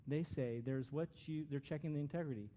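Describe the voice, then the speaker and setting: A man's voice: fairly high pitch, a little fast, warm tone, slight background noise. A man giving a conversational, earnest sermon as a pastor, with frequent restarts.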